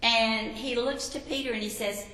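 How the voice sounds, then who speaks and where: Her voice is a little high and steady in tone, at a normal speed. She's teaching a sermon in an echoey hall with long reverb, warmly telling Bible stories and asking the listeners questions.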